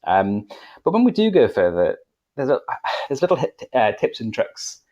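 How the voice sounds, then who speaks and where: A man's voice: mid-range voice, wildly swooping pitch, normal speed, a little mellow, highs cut off. A Welsh man co-hosting a podcast, talking in a rambling, self-correcting, chatty way. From Wales. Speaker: podcast co-host, English teacher. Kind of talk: casual podcast discussion.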